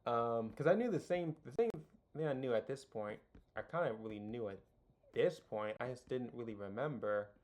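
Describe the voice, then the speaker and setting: A man's voice: mid-range voice, animated, normal speed, darkish tone. Rambling young man giving a tutorial. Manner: rambling, many fillers and restarts; self-deprecating, jokey asides. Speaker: video tutorial host. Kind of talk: casual unscripted tutorial.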